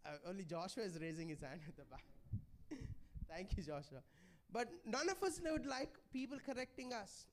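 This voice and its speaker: A man's voice: high-pitched, moderate pace, slight background noise. A man preaching a sermon in a church, pleading and conversational, often checking in with the congregation. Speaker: pastor.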